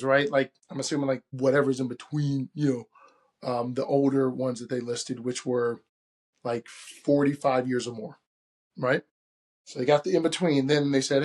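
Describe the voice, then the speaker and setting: A man hosting a podcast, telling a story in a casual, animated way and acting out the quoted voices. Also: mid-range voice, normal speed. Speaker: podcast host.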